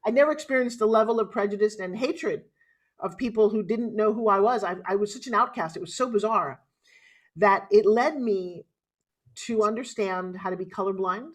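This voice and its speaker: A middle-aged woman from New York with a New York accent, telling her life story as an interview guest in a dramatic, animated way. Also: mid-range voice, moderate pace.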